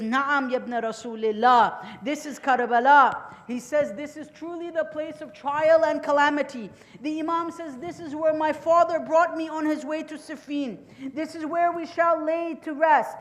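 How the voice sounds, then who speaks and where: A woman giving a mourning sermon as majlis speaker, narrating with passion, quoting Arabic phrases and building to cried-out lament. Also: sits high.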